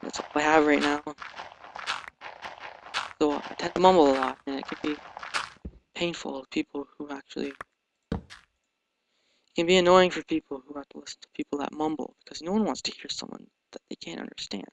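A teenage boy giving casual, hesitant commentary over a game, talking quietly and mumbling, recorded at home on a sensitive microphone. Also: a little high, steady tone, brisk, creaky, pauses often. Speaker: let's play commentator. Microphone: sensitive desk microphone. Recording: noisy home mic recording.

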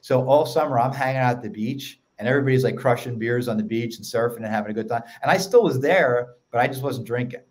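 A man with a Philadelphia accent, a podcast guest telling stories in an energetic, casual way. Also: medium pitch. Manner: energetic storyteller, quick run-on sentences. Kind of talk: casual chat.

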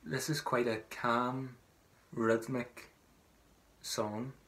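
Man teaching a slow singing lesson. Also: mid-range voice, flat delivery. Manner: sings slow drawn-out phrases between quick spoken explanations; soft, murmured asides. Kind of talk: singing lesson, call-and-response.

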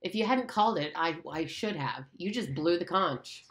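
A woman voicing a frustrated, earnest boy chief who sounds halting and exasperated in an audiobook reading. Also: on the low side, expressive, echoey room.

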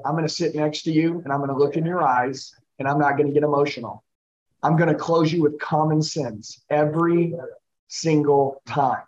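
Male sales trainer, high-pitched, intense drill-style coaching, muffled recording. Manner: intense, coaching, repeats the listener's name. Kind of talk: live sales training role-play.

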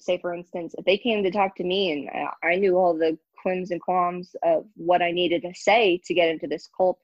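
This interview guest is a young American woman who left a church, and she shares her story candidly and with emphasis in casual conversation. Her voice is lowish. The recording is dry, with the high frequencies cut off.

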